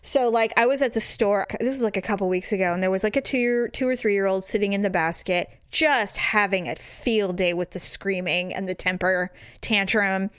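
A middle-aged woman chatting casually about parenting, acting out quotes in sudden high voices. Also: moderate pace, hardly any pauses, smooth, no room sound, studio quality. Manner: animated storyteller, acts out quotes in high voices. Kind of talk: casual chat.

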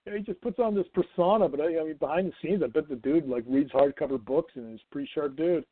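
A man on a tinny phone line rambles through his stories, laughing often. His voice sits a bit high for a man, and the line sounds dry and close. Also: fast talker, dry recording. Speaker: phone-in guest. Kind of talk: casual podcast chat. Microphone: phone call.

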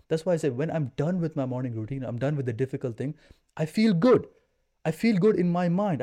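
A man's voice: fairly high pitch, mellow. A man in his twenties, a podcast guest, talking in an intense, emphatic, slangy way. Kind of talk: casual chat.

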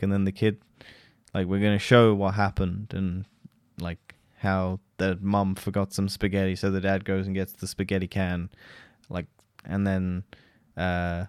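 Low-voiced man ranting about movies. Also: level tone, moderate pace, darkish tone, clean tone, no echo, clean studio sound. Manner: rambling, profane, mocking quotes of characters. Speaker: podcast host. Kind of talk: casual solo film review.

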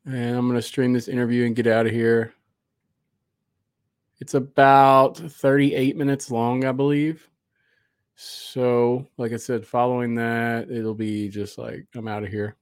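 A man's voice: medium pitch, flat delivery, a little slow, clean tone, no room sound, clean studio sound. A man hosting a live podcast, chatting loosely and rambling with fillers and restarts. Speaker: podcast host. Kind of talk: casual live podcast chat.

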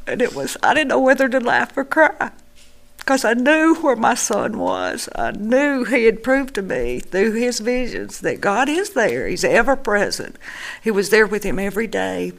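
A mother giving a personal church testimony in an earnest, halting way with long pauses. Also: a little high, big pitch swings, gravelly.

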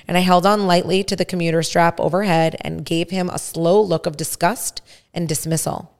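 A woman hosting a podcast reads a first-person story aloud at a measured pace. Her voice is low, with a gravelly fry running through it. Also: fairly even intonation. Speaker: podcast host. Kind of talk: story reading.

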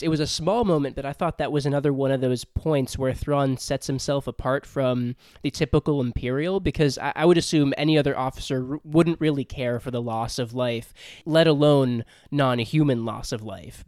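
A man hosting a casual book discussion podcast, animated and laughing often as he talks. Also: mid-range voice, no room sound, clean studio sound.

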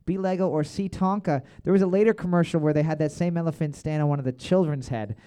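A man's voice: fairly high pitch, fast, warm tone, clean tone. A man hosting a bar trivia night, reading each question twice and joking between rounds. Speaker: trivia host.

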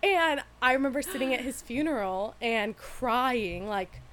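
A woman's voice: a little high, animated, a little slow, a bit bright. A woman co-hosting a podcast, telling a personal story candidly and laughing often as she talks. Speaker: podcast co-host. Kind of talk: casual chat.

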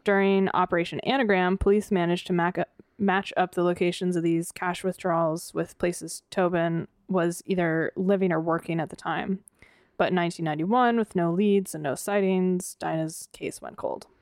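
Smooth, low-voiced woman podcaster. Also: steady tone, normal speed, darkish tone, no room sound, clean studio sound. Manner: storytelling with fillers and restarts, laughing easily. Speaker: podcast co-host. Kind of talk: casual true-crime podcast chat.

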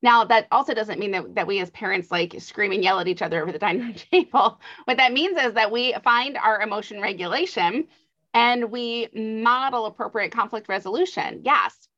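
A middle-aged woman, an author appearing as an adoption guest, gives parenting advice in an interview, speaking earnestly and explaining with light laughs. Her voice is on the high side and a bit bright, at normal speed, in slightly dull lo-fi audio.

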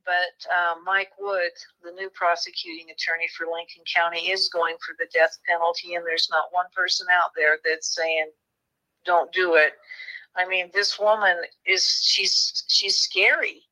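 A woman's voice: on the low side, little pitch movement, moderate pace, hardly any pauses, bright, forceful tone, rough recording. A woman author talking through a true crime case in an interview, earnest and at times moved. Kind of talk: interview conversation.

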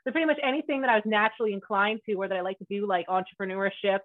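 A woman hosting a podcast, talking fast and candidly. Her voice comes through a thin, phone-like line, and the sound is very dry. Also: mid-range voice, steady tone, no room sound. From rural Canada. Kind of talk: casual podcast conversation.

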